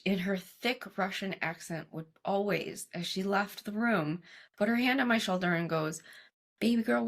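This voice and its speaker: A woman's voice: fairly low pitch, a bit bright. A young adult woman, a guest on an interview show, telling her story casually and animatedly, acting out what others said and laughing often. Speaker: guest, cancer survivor and coach.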